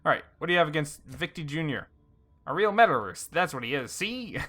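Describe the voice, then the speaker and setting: A man's voice: on the high side, fairly even intonation, quick pace, sharp tone, voice pushed up. A man reading a guard captain's lines in an exaggerated gangster drawl while playing a game. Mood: gruff mocking. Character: gruff male mobster-style guard captain.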